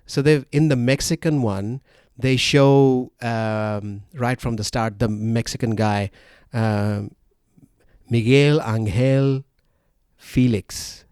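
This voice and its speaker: A man hosts a casual podcast, rambling through stories with plenty of fillers and quick laughs. His voice sits in a middle pitch and is recorded dry and close. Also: steady tone, darkish tone, clear, resonant tone, no room sound. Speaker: podcast host.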